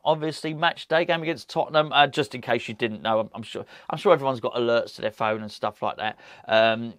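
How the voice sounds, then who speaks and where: A man's voice: mid-range voice, no room sound, studio quality. A man hosting a football chat, talking casually and rambling with restarts and fillers. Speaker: football podcast host. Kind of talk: casual solo commentary.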